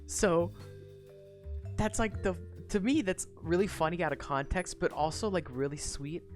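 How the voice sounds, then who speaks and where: A woman's voice: on the low side, moderate pace, darkish tone, soft background music. A young woman streamer casually recapping a story, swearing freely, giggling and rambling with lots of fillers. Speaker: streamer discussing a web serial.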